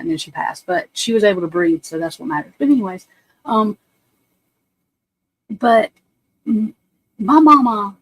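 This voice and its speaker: On a roughly recorded livestream, a medium-pitched woman in her forties talks to her audience. Her stories wander, and she's blunt and profane throughout.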